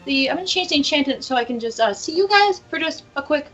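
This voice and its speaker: A woman's voice: high-pitched, animated, quick pace, a bit bright, faint music behind. A woman voicing a flustered, chatty female office clerk who stumbles through fillers in a tabletop game. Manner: hesitant, filler-laden.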